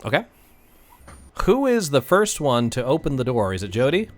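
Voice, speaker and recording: A man's voice: mid-range voice, sing-song, normal speed. A man narrating and running a tabletop fantasy game as game master, in a playful, teasing manner. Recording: faint background music.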